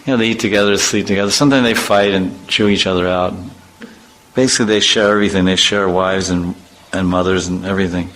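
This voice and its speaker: A man's voice: deep voice, fairly even intonation, fast talker, fairly bright tone, rough recording. A man, a spiritual teacher, giving an informal devotional talk with humorous storytelling and vivid imitations.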